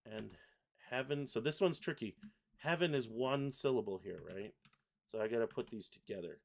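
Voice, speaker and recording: A man hosting a livestream software tutorial in a relaxed, chatty way, reading lyrics aloud as he types and clicks. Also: medium pitch, moderate pace. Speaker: host, software product designer. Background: keyboard typing and mouse clicks.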